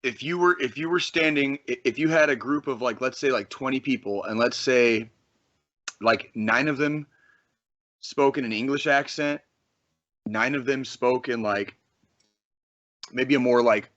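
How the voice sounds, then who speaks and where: A man from Arizona co-hosting a podcast, talking in a rambling, excitable way with plenty of swearing. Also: medium pitch, unhurried, pauses often, no echo, dull audio. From Arizona, USA. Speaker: podcast co-host. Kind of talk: casual podcast chat.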